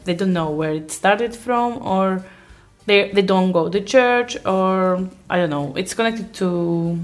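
A woman guest, an engineer, giving her opinion in measured, hesitant casual talk. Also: medium pitch, faint music behind. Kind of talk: casual chat.

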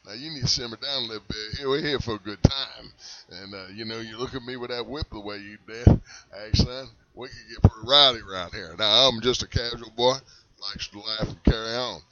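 A man's voice: medium pitch, a little fast, bright, forceful tone, muffled recording. A young man hosting a comic street interview, in a laid-back, drawling, mock-polite manner. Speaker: comedy host and interviewer.

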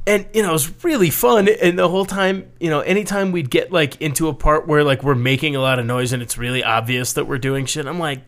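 A man casually telling a story about a job with a co-host, animated and swearing freely as he acts out what people said. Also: a little high, brisk, few pauses. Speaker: penetration tester co-host.

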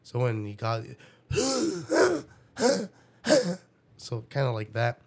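A young man, a father, telling a story in a casual interview, profane and animated. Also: mid-range voice, moderate pace. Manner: profane, animated, acts out his own past dialogue.

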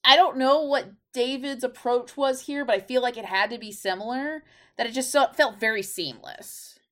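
A woman's voice: fairly high pitch, normal speed, a bit bright. A woman co-hosting a podcast in casual chat, talking loosely with lots of "like" fillers. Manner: chatty, heavy use of "like" fillers. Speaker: podcast co-host.

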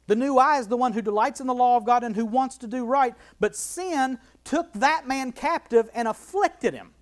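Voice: mid-range voice, normal speed. Bible study teacher; emphatic, repetitive delivery, rhetorical questions, walks through a verse line by line. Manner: emphatic, repeats key phrases, asks rhetorical questions.

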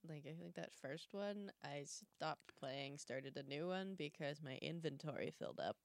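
A young woman co-hosting a podcast, chatting casually with dry, deadpan quips. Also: low voice, moderate pace, no room sound. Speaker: podcast co-host. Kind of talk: casual chat.

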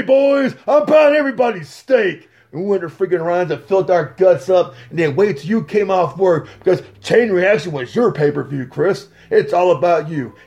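A boisterous man tells a story in a high voice that is quick to get loud. He swears freely and acts out each scene as he talks. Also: creaky, muffled recording. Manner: boisterous, profane, animated storyteller. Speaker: guest. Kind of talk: casual podcast storytelling.

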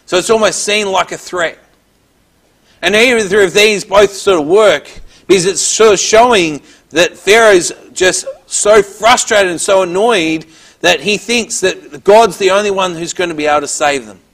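Reading scripture aloud and then putting it into plain language, a preacher works through a Bible teaching with occasional small restarts. He has a high, a bit bright voice and keeps a moderate pace.

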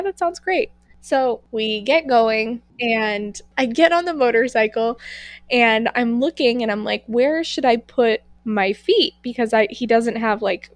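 A woman's voice: a little high, dry recording. A young woman in her twenties co-hosting a podcast, telling a story in casual chat, full of "like" fillers and acting out what people said. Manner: animated, fillers of "like", acts out quoted lines. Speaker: podcast co-host.

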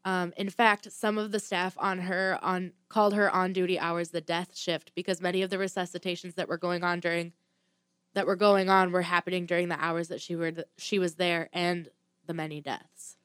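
A woman's voice: on the low side, flat delivery, normal speed, fairly bright tone, clear, resonant tone, dry recording. A woman hosting a casual chat and telling a true crime story from notes, with blunt asides and the odd swear word.

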